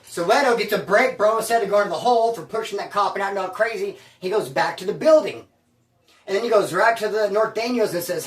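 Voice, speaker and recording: A man's voice: high-pitched, animated, a little fast, fairly bright tone. Ex-con guy telling a story, lots of slang and swearing, echoey room, mic kinda far. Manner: streetwise slang, swears freely, acts out quotes. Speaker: former inmate storyteller. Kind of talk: casual storytelling. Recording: roomy echo, distant mic.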